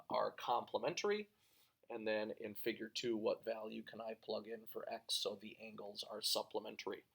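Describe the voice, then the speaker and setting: A man with a gravelly edge to his mid-range voice walks through a math lesson. He talks through each step out loud and works the sums as he goes. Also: mid-range voice. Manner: talks through steps aloud, thinking as he goes. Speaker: math teacher.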